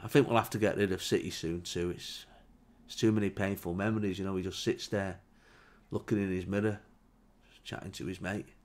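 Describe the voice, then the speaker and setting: A man's voice: deep voice, little pitch movement, fairly quick. A man telling a comic story in a dry, mock-solemn way. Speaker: comedian. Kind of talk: deadpan comic monologue.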